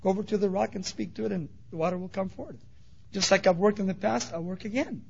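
A man voicing God as a stern but fatherly older male figure who speaks calmly, firmly and plainly. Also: high-pitched, fast talker, vocal fry, slight background noise. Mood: reassuring. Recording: dull lo-fi recording.

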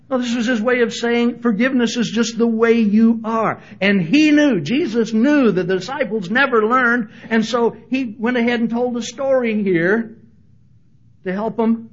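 A man preaching a sermon as pastor, animated and humorous, acting out the voices he quotes. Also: very high-pitched, moderate pace, dull audio.

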